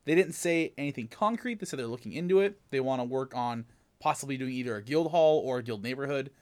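A man co-hosting a gaming podcast, recapping news in an excitable, rambling way. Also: mid-range voice, fast talker. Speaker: podcast co-host. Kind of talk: casual gaming podcast chat.

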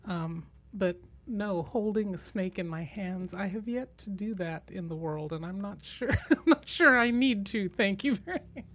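A woman's voice: medium pitch, a little slow, hardly any pauses. Woman host, middle voice, enthusiastic asker, frequent laughter. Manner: eager, exclamatory, laughs often. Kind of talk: casual chat.

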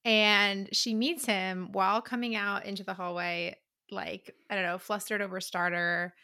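A woman in casual conversation recapping a novel, chatty and quick to laugh, acting out characters' lines as she goes. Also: mid-range voice, steady tone, pushed and bright, clean tone, dry recording, clean studio sound. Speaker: podcast co-host. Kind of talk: casual book discussion.

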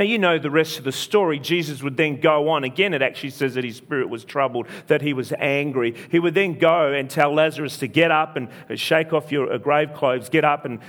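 A man with a higher, fairly bright voice preaches a sermon, retelling a story. He speaks earnestly, repeating phrases and restarting often.

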